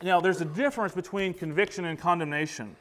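A man's voice: high voice, quick pace. A man preaching a sermon, speaking emphatically and posing rhetorical questions to the congregation. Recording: long reverb of a large hall.

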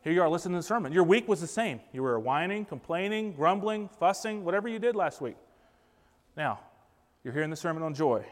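High-voiced preacher in a reverberant hall. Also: male voice, lively intonation, fairly quick. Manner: emphatic, poses rhetorical questions to the congregation. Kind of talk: sermon. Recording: long reverb of a large hall.

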